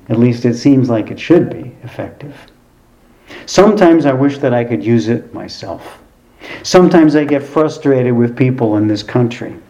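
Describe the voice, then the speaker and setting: A man's voice: medium pitch, warm tone, highs cut off. A man in his sixties, a pastor, giving a sermon through a wry, conversational personal story.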